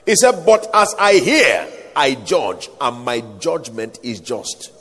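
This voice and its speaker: A man's voice: medium pitch, very animated, slow pace, few pauses, a bit bright, husky. A man preaching a sermon with emphatic delivery, calling out for the congregation to respond. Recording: echoey hall, voice at times off-mic.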